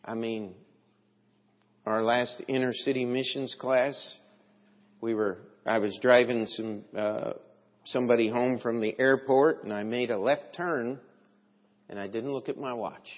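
A man preaching a sermon as pastor, slow and deliberate, with emphatic swells in his delivery. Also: mid-range voice, fairly even intonation. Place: church sanctuary. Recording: dull, lo-fi, long hall reverb.

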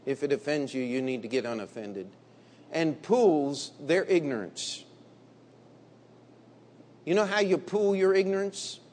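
A man preaching a sermon in a blunt, combative way, dropping to low murmurs and rising to loud emphatic bursts. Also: measured pace, long pauses. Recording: long hall reverb.

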